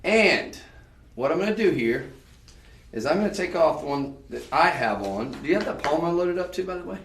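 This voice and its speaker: A man hosting a live jewelry sales show, chatty and upbeat, pitching prices and calling out to the ladies and folks watching. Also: expressive, normal speed, a bit bright, a little hiss or hum. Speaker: shopping channel jewelry host. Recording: echoey room, voice from a distance.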